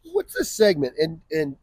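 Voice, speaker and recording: A man in his forties, a comedian guest in casual comedic chat outdoors at a backyard grill, joking and bursting into loud shouted bits. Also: on the high side, breathy edge, dry recording. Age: 40s.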